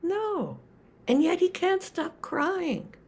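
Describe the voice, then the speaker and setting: An older woman, a Zen teacher, giving a reflective dharma talk with many pauses and restarts. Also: very high-pitched, lively intonation, a little mellow.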